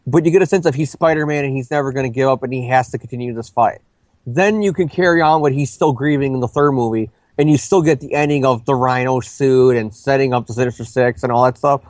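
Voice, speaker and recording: A man co-hosting a movie review chat, rambling quickly with many restarts and self-corrections. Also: medium pitch, darkish tone, dry recording. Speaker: co-host of a movie review show.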